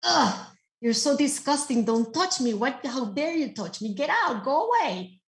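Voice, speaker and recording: A woman voicing a haughty, rude wealthy woman who shouts in disgust. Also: very animated, a little slow, echoey room, exaggerated voice. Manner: shrill, scornful shouting.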